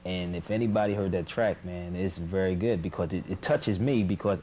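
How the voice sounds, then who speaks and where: Man guest, very deep voice, loose casual talk, faint hiss. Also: fairly quick, mellow. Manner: casual, loose, repeats words. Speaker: panel guest. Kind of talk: casual panel discussion.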